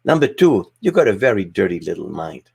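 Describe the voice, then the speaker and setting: A man's voice: deep voice, big pitch swings, brisk, creaky, darkish tone, husky, pitched below the performer's own voice, full character voice. A man voicing a stern schoolteacher who scolds a pupil in a joke. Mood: scolding. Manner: stern, mock-scolding lecture.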